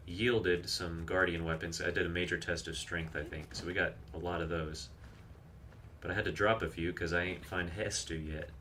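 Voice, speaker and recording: A man's voice: sits low, sharp tone, a little hiss or hum. A man streaming a game live, chatting casually, rambling off on tangents and reading viewer messages aloud. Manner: chatty, rambling, reads chat aloud and explains game tricks. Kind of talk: casual live gameplay commentary.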